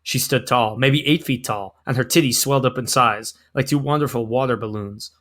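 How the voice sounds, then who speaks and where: A man's voice: mid-range voice, normal speed, a bit bright. A man co-hosting a podcast, bantering playfully and reading a text aloud with mock drama. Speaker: podcast co-host.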